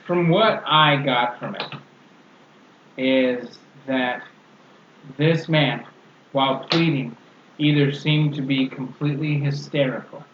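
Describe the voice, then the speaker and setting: A man co-hosting a podcast, giving measured replies and short agreements. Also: medium pitch. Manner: measured, brief replies and backchannels. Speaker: podcast co-host. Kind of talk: casual podcast discussion. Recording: roomy, dull lo-fi audio with faint hiss.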